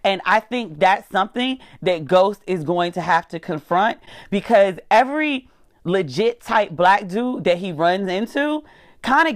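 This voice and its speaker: A woman's voice: medium pitch, no room sound, clean studio sound. A woman giving a casual, sassy recap of a TV episode, talking back to the characters and acting out their lines. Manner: acts out characters' lines in quick voices.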